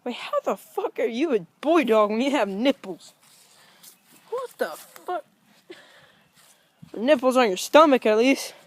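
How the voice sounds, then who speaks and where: With no room sound, a woman speaks at normal speed with few pauses, her fairly high voice expressive. She's out in her yard at home vlogging casually, playfully scolding her dogs in blunt, profane terms.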